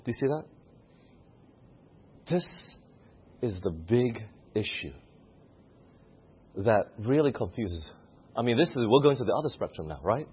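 A male preacher delivers a sermon and keeps drawing the congregation in with questions. His voice is slightly husky and rises and falls a lot. The recording is muffled and lo-fi. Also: medium pitch.

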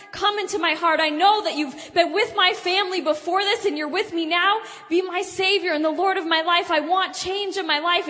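A woman evangelist telling a personal testimony to an audience in an earnest storytelling way, dropping to a hush at emotional moments. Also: sits high. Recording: hall with long reverb.

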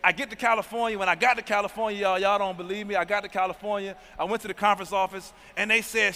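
A man's voice: high-pitched, steady tone, quick pace, few pauses, sharp tone, a little hiss or hum. A man who is a pastor, preaching a sermon testimony, calling out to the congregation for responses. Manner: emphatic call-and-response preaching. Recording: long hall reverb.

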